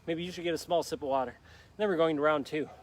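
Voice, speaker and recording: A man's voice: a little high, quick pace. Upbeat, breathless male workout coach. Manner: upbeat, urging viewers on with countdowns. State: out of breath, sweating. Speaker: fitness instructor. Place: outdoors in a park on grass.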